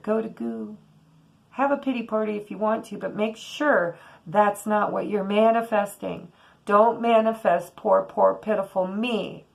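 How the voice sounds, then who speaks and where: A woman's voice: mid-range voice, vocal fry, poor audio. A woman doing a casual tarot reading, giving blunt and earnest spiritual advice with the odd swear word. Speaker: tarot reader.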